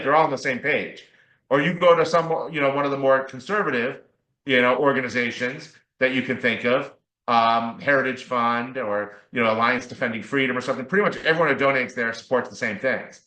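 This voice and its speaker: An attorney man talks through a podcast interview and explains things earnestly, pausing to check in with his listener. His voice is bright and forceful. It rings in an echoing room. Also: medium pitch. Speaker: attorney guest.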